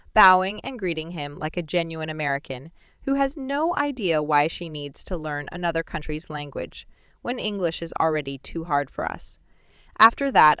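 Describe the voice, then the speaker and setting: Woman audiobook narrator, wry first-person read, low-set and smooth. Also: no echo, clean studio sound. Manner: playful, wry.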